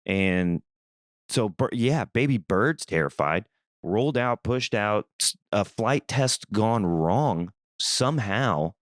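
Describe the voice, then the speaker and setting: A young man from Missouri hosting a podcast, telling a rambling, animated story in a casual, swearing manner. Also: lowish voice, takes it slowly, no room sound, studio quality. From Missouri, USA. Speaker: podcast host.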